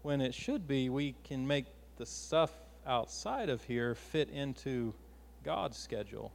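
A man's voice: mid-range voice, lively intonation, a little slow, gravelly, long reverb tail. A man preaching a sermon with passion, his force rising and falling.

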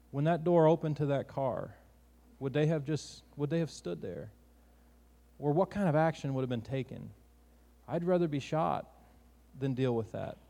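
A man's voice: a little high, dark tone, in a large hall. A man preaching a sermon in an earnest, conversational way, often restarting his sentences.

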